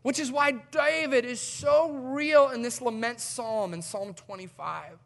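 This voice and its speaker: A male pastor preaching a sermon in an animated, conversational way with emphatic swings in delivery. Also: extremely high pitch, measured pace, creaky.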